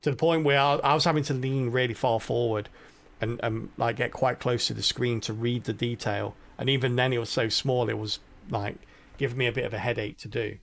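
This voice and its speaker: A man's voice: mid-range voice, fairly even intonation, a little fast, gravelly. A middle-aged man streaming a game live, rambling and thinking aloud as he plays. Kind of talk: live gameplay commentary.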